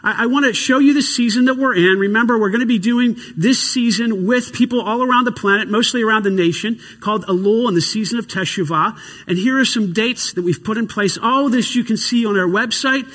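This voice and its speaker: A man preaching a sermon as a pastor, earnest, slowing down and stressing the scripture lines he reads and repeats. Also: high voice, fairly bright tone, in a large hall.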